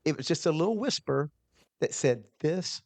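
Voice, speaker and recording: A man telling an earnest, animated personal story as a podcast guest, quoting his own thoughts along the way. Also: fairly high pitch, a little fast, vocal fry, no room sound. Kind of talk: storytelling in a conversation.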